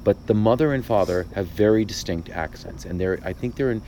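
Low-pitched male playwright host, thoughtful and halting, light noise underneath. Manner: thoughtful, restarts often, animated asides. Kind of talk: casual conversation.

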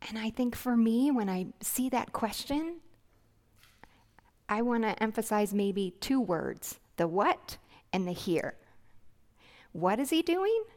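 A woman preaching a sermon, gentle, earnest and reflective, with soft hushed passages. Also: a little high.

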